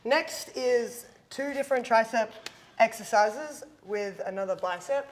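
A woman's voice: on the high side, unhurried, a little hiss or hum. Laid-back woman. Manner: relaxed, laughs often. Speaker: guest trainer. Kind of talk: casual gym banter. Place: gym.

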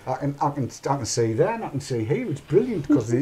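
A man's voice: medium pitch, very animated, fast talker, warm tone, a little hiss or hum. A middle-aged man hosts a casual chat, rambling along in a mid-range voice. He talks off the cuff and narrates his own actions aloud as he goes. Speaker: podcast host.

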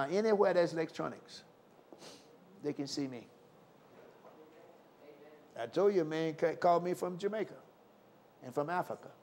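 An older man preaching a live sermon, fervent and swinging from loud exclamations to low murmurs. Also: a little hiss or hum. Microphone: live stream.

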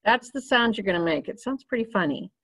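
A woman's voice: medium pitch, animated, fairly quick, a bit bright, slightly rough. A woman giving a clarinet lesson, explaining each step patiently while she demonstrates. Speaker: clarinet teacher.

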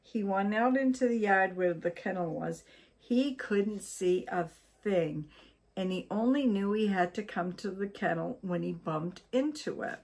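Older woman, from Maine, reading a children's story, slow, husky. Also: mid-range voice. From Maine, USA. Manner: gentle, unhurried reading.

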